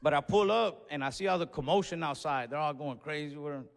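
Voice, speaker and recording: A man doing stand-up comedy, telling a story in an animated way and acting out what people said. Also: fairly high pitch, brisk, gravelly, big-room sound, a little hiss or hum. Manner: animated storytelling with acted-out quotes.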